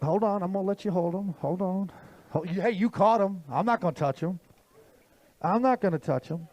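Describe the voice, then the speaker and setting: High-pitched hype emcee man. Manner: hype announcer, drawn-out shouted totals. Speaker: tournament weigh-in emcee. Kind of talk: live weigh-in announcing. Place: outdoor lakeside weigh-in stage.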